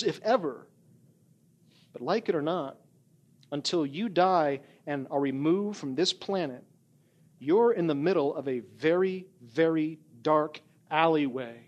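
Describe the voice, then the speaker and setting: High-voiced man preaching a lively sermon. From not from California. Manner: animated storytelling with repeated "right?". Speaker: pastor.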